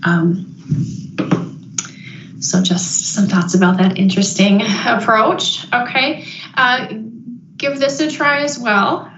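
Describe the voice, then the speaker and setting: A woman giving a parenting webinar, thoughtful and reflective, pausing with frequent ums and restarts. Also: on the high side, steady tone, a bit bright, slight background noise. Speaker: parenting educator. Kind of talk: webinar presentation. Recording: roomy, slightly dull audio.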